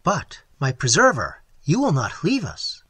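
A restless young Englishman, as a man puts him on, pleading in a fervent, anxious voice whose pitch swings widely. The tone is husky and bright, captured close and dry, like a storybook reading. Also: wildly swooping pitch, normal speed, no echo, exaggerated voice. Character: impassioned, restless young Englishman craving forbidden knowledge.

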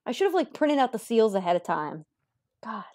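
Animated woman joking through a game. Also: a little high, a little fast, dry recording, studio quality. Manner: joking, reads game text aloud, sudden playful voices. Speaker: streamer playing a game. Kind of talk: casual let's-play commentary.

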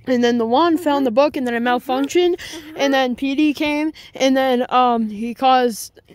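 A woman's voice: high-pitched, measured pace. A woman voicing a young dog owner who chats and guesses in a rambling, puzzled way, in a fan plush video.

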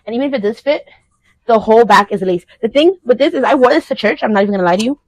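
A woman's voice: on the high side, expressive, very fast, poor audio. A young woman chatting casually and playfully in a clothing try-on vlog, with joking asides. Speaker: vlogger.

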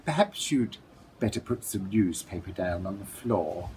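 A man's voice: low-pitched, animated, unhurried, darkish tone, slight background noise, low-quality recording. Man voicing a courteous sleepy cuckoo, storybook bird, genteel. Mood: polite, sleepy. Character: polite weary male cuckoo, well-mannered.

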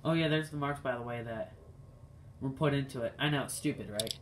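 A man's voice: medium pitch, fairly quick, noisy background. A young man reviewing a toy race car for his channel, talking straight to viewers in an exasperated, ranting way. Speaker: diecast collector reviewing cars. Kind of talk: casual video review.

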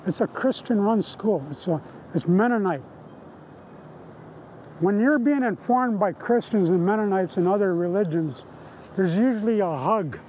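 High-pitched man telling his story. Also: warm tone, a little hiss or hum, low-quality recording. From Canada. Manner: vivid present-tense storytelling with repeated phrases. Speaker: residential school survivor. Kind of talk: personal testimony in a documentary interview.

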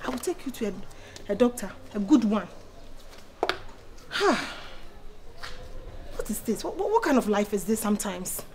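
A woman in casual chat, talking insistently and pushing hard, her voice climbing loud when she presses a point. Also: medium pitch, big pitch swings, moderate pace, long pauses, noisy background. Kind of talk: casual chat mixing pidgin and Twi.

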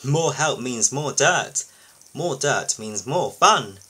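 A man's voice: medium pitch, animated, slow, sharp tone, breathy edge, heavily acted. A man voicing a jolly, cheerful male excavator who loves digging in a storybook reading.

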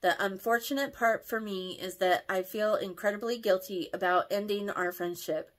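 A woman's voice: mid-range voice, moderate pace. A woman reading online posts and comments aloud, reacting emotionally, often stumbling and correcting her words.

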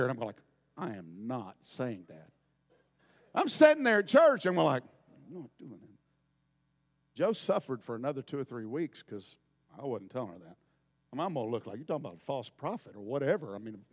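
Animated preacher man in an echoing hall. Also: on the high side. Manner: folksy, animated, swings from quiet asides to shouting. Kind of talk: storytelling sermon.

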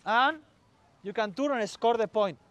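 High-voiced man coaching on a pitch. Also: a little slow, a bit bright, no echo. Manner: short commands, calls out to players, mixes in Spanish. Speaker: football coach. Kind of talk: on-field coaching demonstration.

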